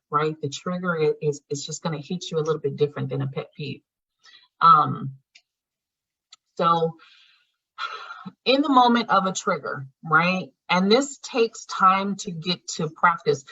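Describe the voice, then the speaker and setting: A woman's voice: lowish voice, pushed and bright, slightly rough. Blunt, swearing woman teaching a healing class. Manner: blunt, frequent swearing, conversational. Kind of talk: casual spoken lesson. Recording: dull lo-fi sound.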